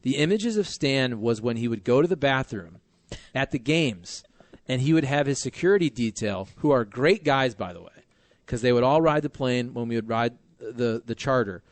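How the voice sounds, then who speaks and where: Man, sports radio host, casual banter, joking, mid-pitched voice, dry close sound. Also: no room sound. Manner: animated, joking, quick asides.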